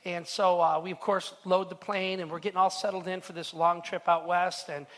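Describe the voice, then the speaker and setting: Earnest high-voiced pastor in reverberant hall. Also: male voice, level tone, moderate pace, fairly bright tone. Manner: storytelling, earnest, frequent stammered restarts. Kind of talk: sermon. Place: church hall.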